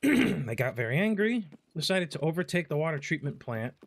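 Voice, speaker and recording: A gaming streamer with a fairly high, creaky voice talks at a moderate pace. He casually narrates his play, swearing a lot and spinning lively stories.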